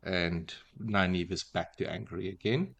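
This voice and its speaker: A man hosting a podcast, casually retelling a book chapter in a relaxed, wry way with many fillers. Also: low voice, unhurried, gravelly, lo-fi sound. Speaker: podcast host.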